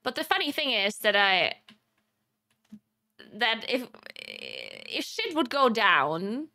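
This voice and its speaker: A woman's voice: a little high, huge pitch swings, slow, sharp tone. A young woman from South Tyrol chatting casually on her game stream, laughing often and swearing offhandedly. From South Tyrol, Italy. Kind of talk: casual chat while streaming.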